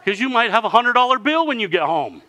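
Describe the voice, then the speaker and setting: A man preaching a sermon, telling a story with lively delivery and answered by the congregation. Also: extremely high pitch, quick pace. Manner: lively storytelling, acting out villagers in character.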